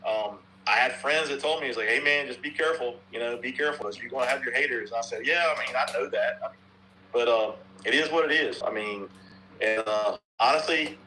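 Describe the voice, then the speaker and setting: Middle-aged man from North Carolina, bright tone, rambling podcast talker with a faint hum behind. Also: medium pitch, brisk, rough recording. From North Carolina, USA. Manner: rambling, repeats himself, swears casually. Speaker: softball bat reviewer and podcast guest. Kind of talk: casual podcast chat.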